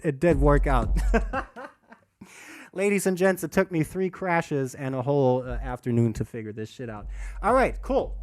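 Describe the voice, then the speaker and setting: Lively, swearing DJ man teaching. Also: fairly high pitch, dry recording. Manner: animated, swears a lot, self-mocking. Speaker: DJ teaching a live workshop. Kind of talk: casual livestream teaching. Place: alone in a room under a bright light.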